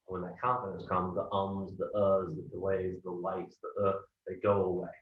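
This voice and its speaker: Man, sales coach. Lowish, direct, heard distant and echoey on a call. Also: monotone, normal speed, narrow, tinny audio. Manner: direct, keeps asking "right?". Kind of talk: coaching feedback.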